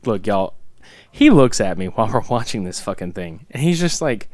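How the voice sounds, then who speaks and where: Podcast co-host: young man, animated, profane, smooth and dry on a close mic. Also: lowish voice, moderate pace, no room sound. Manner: excitable, swears a lot, laughs often. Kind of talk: casual movie recap chat.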